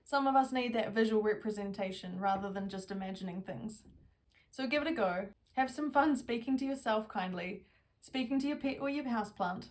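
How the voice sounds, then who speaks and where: Woman therapist talking softly thru a self-help lesson, calm n reassuring, mid pitch. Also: far from the mic. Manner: gentle, slow, reassuring, repetitive affirmations.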